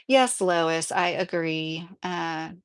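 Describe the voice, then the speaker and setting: A woman's voice: lowish voice, very slow, clear, resonant tone. A woman livestreamer reading out chat comments and answering them in a heated, casual way.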